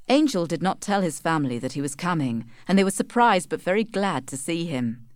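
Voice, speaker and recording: A woman reading a storybook aloud in a clear, expressive narration. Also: fairly low pitch, brisk, no echo.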